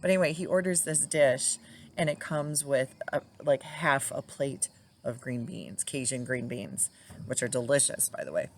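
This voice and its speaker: A woman's voice: extremely low pitch, expressive, moderate pace, slight background noise. A middle-aged widow talking casually to her viewers, tender and reflective, laughing now and then as she remembers. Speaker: widow sharing her grief journey. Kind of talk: casual personal talk to camera.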